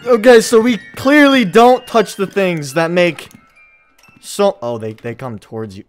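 Faint music plays behind a young man working through a horror game, his high voice moving a little slowly. Easily startled, he lets out loud curses, yelps, and bursts of nervous laughter.

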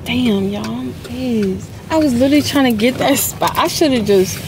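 A young woman with a fairly high voice, talking casually into her phone camera as she drives and walks around downtown. She is chatty and slangy and keeps addressing her viewers as y'all, with clear street and traffic noise behind her. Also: normal speed. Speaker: vlogger. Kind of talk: casual vlog chat to camera. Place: in a car and out on city streets.

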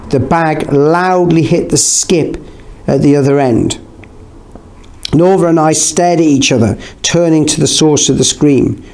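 A man narrating an audiobook in a steady, measured reading. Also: a little high. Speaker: audiobook reader. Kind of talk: scripted narration.

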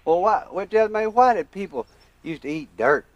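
A man's voice: sits high, animated, moderate pace, lo-fi sound. A man interviewing a blues singer, asking curious follow-up questions and trading stories.

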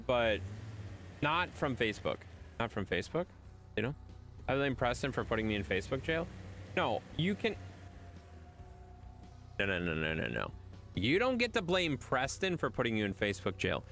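A man's voice: mid-range voice, big pitch swings, normal speed, long pauses, fairly bright tone, slight background noise. A man chatting casually on his live stream, talking to viewers in a teasing, rambling way. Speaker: livestreamer.

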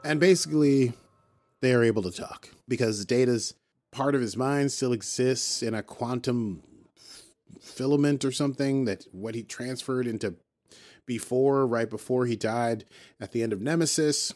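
Guy on a podcast retelling an episode, loose and chatty, bounces between his own voice and quick paraphrased lines. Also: medium pitch, darkish tone. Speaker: podcast host. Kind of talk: casual episode recap.

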